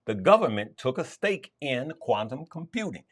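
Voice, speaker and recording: A man's voice: mid-range voice, very animated, moderate pace. A male host walks viewers through stock charts. He is emphatic and hammers his points home by repeating them. His voice rises and falls over a wide range. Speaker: stock trading show host. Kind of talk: market commentary to viewers.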